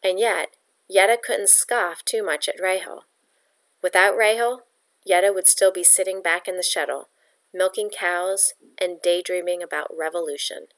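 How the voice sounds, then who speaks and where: A woman reading a novel aloud with a steady, measured storytelling delivery. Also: fairly low pitch. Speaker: audiobook narrator. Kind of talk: audiobook reading.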